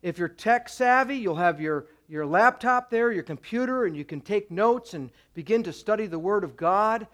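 A man with a notably high voice preaches a sermon to his congregation. He talks directly and urgently, stacking up commands and repeating himself to drive each point home. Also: expressive, moderate pace, hardly any pauses, fairly bright tone. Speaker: pastor.

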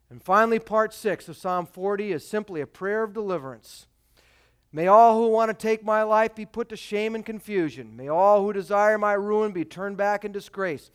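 A male pastor preaching a sermon, reading scripture dramatically and swinging between loud emphatic peaks and quiet, dropped phrases. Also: sits high.

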